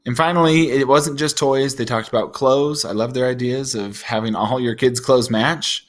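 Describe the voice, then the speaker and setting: A man's voice: medium pitch, steady tone, moderate pace. A man co-hosting a family podcast in casual chat, upbeat and jokey. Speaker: podcast co-host.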